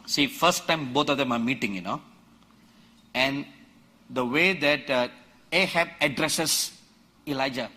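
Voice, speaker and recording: A man preaching a sermon, acting out biblical quotes and building to loud, shouted emphasis, with a husky voice. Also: mid-range voice, measured pace, pauses often. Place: church or conference hall.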